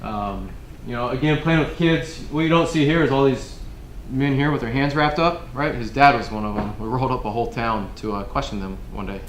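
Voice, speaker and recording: A man in his thirties giving a casual briefing to an audience, telling stories in a laid-back, rambling way that turns loud and laughing in the funny parts. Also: mid-range voice, a little fast, roomy sound, slight background noise. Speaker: military speaker giving a resiliency briefing. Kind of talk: casual storytelling talk to an audience. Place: room with an audience.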